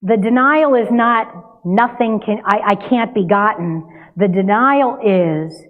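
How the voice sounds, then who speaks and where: An older woman giving a sermon, telling a family story in a conversational, lively way. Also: a little high, moderate pace. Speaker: minister. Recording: tinny phone-like sound.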